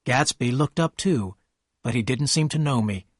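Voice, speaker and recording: A man narrating a story in a steady, measured reading voice. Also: mid-range voice, over music. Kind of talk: scripted narration.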